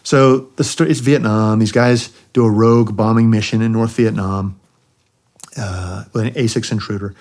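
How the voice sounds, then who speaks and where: A middle-aged man, a former helicopter pilot, telling war stories as a podcast guest, animated, with dry jokes. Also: lowish voice. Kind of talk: storytelling in a podcast interview.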